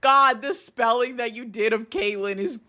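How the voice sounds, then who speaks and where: A woman's voice: a little high, moderate pace, sharp tone. A young woman streaming, reacting to a video in a casual, incredulous way, laughing and swearing often.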